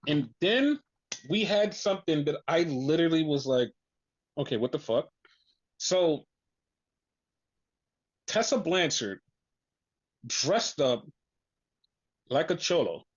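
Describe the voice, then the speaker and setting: Excited profane wrestling podcast host. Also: medium pitch, slow pace, long pauses. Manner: excited, profane storytelling with many "like" fillers. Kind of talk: casual wrestling recap chat. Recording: dull lo-fi recording.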